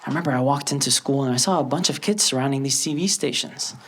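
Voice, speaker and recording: A young man doing a stand-up comedy set, telling stories and acting out characters with quick bursts. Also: medium pitch. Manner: animated storytelling, acts out characters in quick bursts. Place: comedy stage with a laughing audience. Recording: loud audience laughter and noise.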